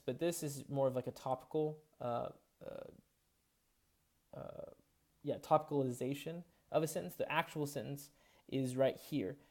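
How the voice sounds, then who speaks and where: A man's voice: mid-range voice, a little mellow. A man giving a recorded college English lecture, explaining patiently and thinking aloud with frequent fillers and restarts.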